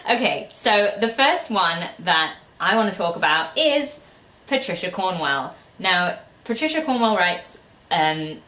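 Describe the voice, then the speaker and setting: A woman's voice: on the low side, sing-song, unhurried, bright, forceful tone, roomy sound. A woman co-hosting a book channel in casual chat, giggly and prone to bursting out laughing.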